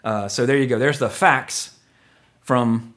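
A man's voice: mid-range voice, steady tone, takes it slowly, a bit bright. Guy hosting a podcast, jokey and rambly, keeps restarting sentences. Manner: rambling, joking, self-correcting. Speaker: podcast host. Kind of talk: casual podcast chat.

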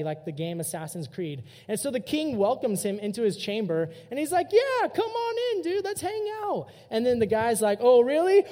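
A young man preaches to a youth group in a casual, animated storytelling manner. His voice sits high and has a mellow, relaxed tone. It rings with the long reverb of a hall. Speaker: youth pastor. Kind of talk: youth sermon.

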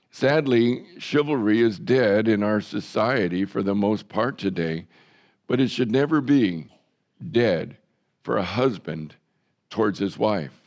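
A man's voice: lowish voice, creaky, darkish tone. A man preaching a sermon as a pastor, in a conversational, folksy way with self-deprecating humor.

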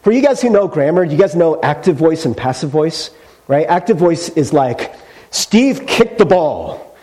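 A man's voice: a little high, moderate pace, mellow. A male pastor preaching a sermon in a conversational storytelling way, with casual fillers.

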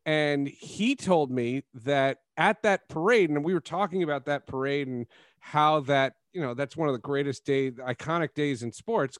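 A man's voice: medium pitch, no room sound. Guy hosting a sports podcast, lots of laughs, chatty, dry studio sound. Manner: animated storyteller, laughs often. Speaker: podcast host. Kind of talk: casual sports podcast chat.

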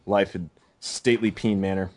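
A young American man co-hosting a casual comedy podcast, rambling with deadpan, mock-serious sarcasm. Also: deep voice, moderate pace, slight background noise. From United States. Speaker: podcast co-host.

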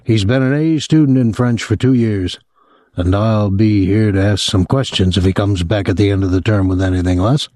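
A man's voice: lowish voice, moderate pace, dry recording, studio quality, lightly acted. A man doing a placid, menacing immigrant father. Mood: cold calm. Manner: placid, conversational, coldly calm. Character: calm, menacing immigrant father, middle-aged.

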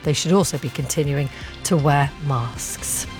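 A woman hosting a breakfast radio show, chatting briskly and reading out listener texts. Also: low-pitched, darkish tone, faint music behind. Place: radio studio.

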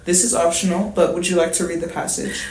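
A male interviewer with a high voice, polite and formal, reading through his request carefully. The room is echoey with a faint hiss behind him. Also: level tone, quick pace. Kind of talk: scripted interview questions.

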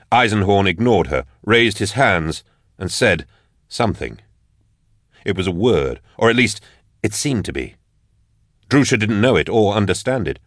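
Man, audiobook narration, very deep voice, dry close sound, measured. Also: dry recording. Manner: even, measured reading.

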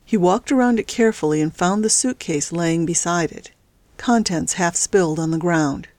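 A woman reads a thriller story aloud in a fairly low voice. The sound is dry and close, with no room around it. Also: moderate pace, a little mellow, no room sound. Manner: reads all characters with small pitch shifts. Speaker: audiobook narrator. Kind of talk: scripted narration.

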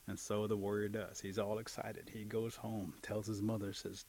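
A man telling a folk tale aloud, lively and acting out the characters' voices. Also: fairly low pitch, brisk, few pauses, slight background noise. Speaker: storyteller. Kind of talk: oral storytelling.

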